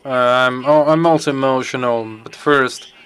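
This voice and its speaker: A man interpreting a conference Q&A live, halting as he picks his words. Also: medium pitch, steady tone, fairly bright tone, clean tone.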